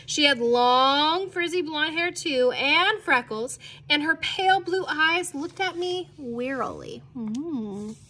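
A woman's voice: high voice, takes it slowly, pushed and bright. A woman teacher reading a children's novel aloud to her class, playful and laughing at her own slips in casual asides.

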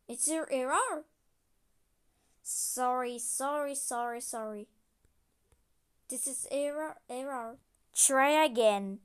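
Slow, high-voiced woman in broken English. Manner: halting, broken English with restarts. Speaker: storyteller voicing her own characters. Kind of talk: homemade story video narration.

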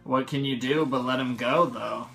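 A man's voice: medium pitch, steady tone, moderate pace, gravelly, a bit bright, faint music behind. A man hosting a reaction video, talking casually with laid-back muttered asides.

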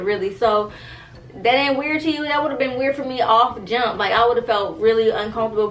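A young woman, telling a story to her viewers in an animated, profane, casual way. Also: a little high, echoey room, slight background noise, low-quality recording. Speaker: storytime vlogger.

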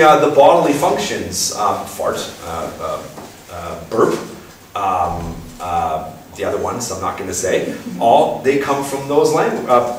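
Animated man lecturing in an echoey room. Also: medium pitch. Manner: animated, playful, puts on voices and asks the crowd questions. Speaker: speaker giving a talk. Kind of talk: lively lecture to an audience. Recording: echoey room from far off with faint noise.

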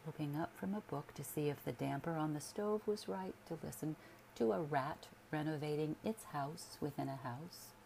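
A woman reading a literary story aloud as a sleep story narrator, in a soothing, measured way. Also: sits low, vocal fry, dark tone, slight background noise.

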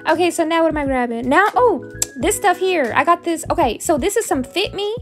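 A young woman narrates a beauty tutorial in a loose, chatty voice-over. Her voice sits high, and she pokes fun at herself as she goes. Faint music plays behind her. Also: lively intonation, fairly quick, fairly bright tone. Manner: goofy, self-mocking, chatty. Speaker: beauty vlogger.

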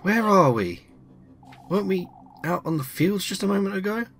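A man's voice: mid-range voice, expressive, brisk, fairly bright tone, soft background music, pitched above the performer's own voice. A man voicing a frightened young village woman in a game, anxious and pleading.

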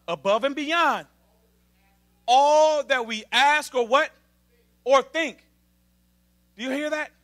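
A man preaching an emphatic sermon to a congregation, calling for responses from the pews and building up to shouting. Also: extremely high pitch. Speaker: assistant minister.

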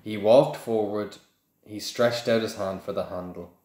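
A man's voice: lowish voice, steady tone, measured pace, a little mellow. A man reading a novel aloud in a plain, unpolished way, with occasional slips and restarts. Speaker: reader. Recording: echoey room.

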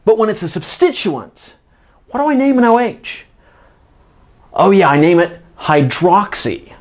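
A middle-aged man with a fairly high voice gives a laid-back whiteboard lecture. He poses questions to himself and answers them in an informal, chatty way. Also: big pitch swings, a little slow. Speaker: chemistry tutor.

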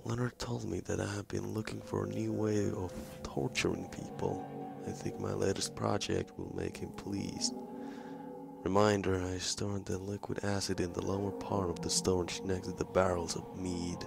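Guy doing a deep raspy monotone game voice reading a note, music behind. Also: normal speed. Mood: cold. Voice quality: gravelly, very low and flat.

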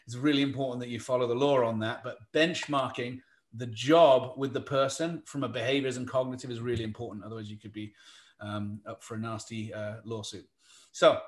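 An English-accented man leads a virtual workshop, talking quickly and breaking into wry joking asides. His voice sits at an ordinary middle pitch for a man. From England. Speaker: workshop presenter. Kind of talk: live virtual workshop talk.

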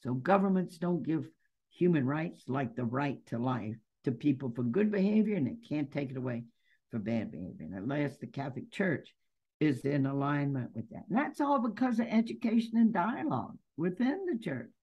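A woman's voice: sits low, lively intonation, normal speed, breathy edge, highs cut off. A nun and activist answering interview questions in an earnest, emphatic way, building her points through stories. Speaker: nun and anti-death-penalty activist, interview guest.

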